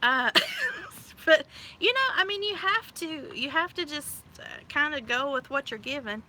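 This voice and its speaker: A bubbly, chatty woman in her forties hosts a casual live stream from beside a pool on a windy day, gusts blowing around her. Her voice is bright and high, expressive and measured in pace, and she laughs often.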